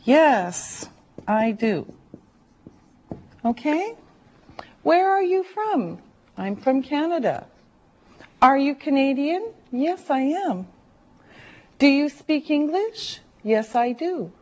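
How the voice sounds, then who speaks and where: A woman teaching an English class, speaking slowly and deliberately and drawing out words for her learners. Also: sits high, very animated. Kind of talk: slow classroom instruction. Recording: dull lo-fi classroom recording.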